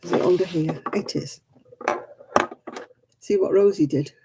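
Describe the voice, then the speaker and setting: Woman crocheting at home on a stream, slow unhurried chatter, deep mellow tone, mutters counts to herself. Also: gravelly, slight background noise. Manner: chatty, rambling, talks to herself, counts stitches under her breath. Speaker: crafting livestream host. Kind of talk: casual chat while crocheting. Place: at home indoors.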